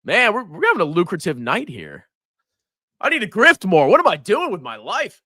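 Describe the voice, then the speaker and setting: A man hosting a finance livestream, ranting and mocking in an animated voice that swings between loud outbursts and mutters. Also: sits high, normal speed, no echo, clean studio sound. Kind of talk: livestream rant and stock commentary.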